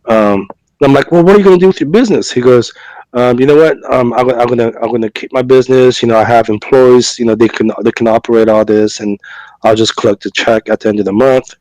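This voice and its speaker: Here a podcast co-host recovering from a cough and fever talks fairly quickly in a medium-pitched, darkish voice with little pitch movement. His long, chatty story is packed with fillers, repeated words and restarts as he plays out both sides of a conversation. The recording is rough, with no room sound.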